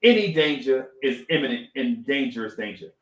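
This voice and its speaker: Animated middle-aged man, echoey room. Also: medium pitch, normal speed. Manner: animated storytelling, repeats phrases, says "right?" often. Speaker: podcast co-host. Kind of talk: casual live-stream talk.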